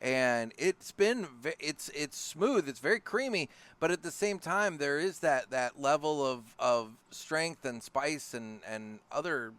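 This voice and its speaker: A man co-hosting a podcast, talking in a relaxed, rambling way while he asks questions and reviews a cigar. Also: fairly high pitch, unhurried, few pauses, clean tone. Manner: relaxed, rambling, with filler and restarts. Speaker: podcast co-host. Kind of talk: casual podcast chat. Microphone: studio podcast mic.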